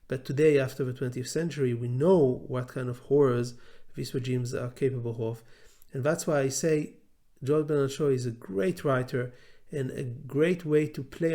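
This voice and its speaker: A man's voice: medium pitch, dark tone. A man with an Israeli accent giving an unscripted lecture, blunt and hesitant, with many filler sounds.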